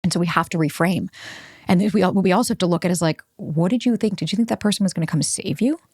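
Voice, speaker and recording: A woman hosts a self-help podcast, talking fast and bluntly with frequent swearing. Her voice sits fairly low, and she acts out the voices of the people she quotes. The recording is close and dry. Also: a little mellow, slightly rough, dry recording. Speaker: podcast host.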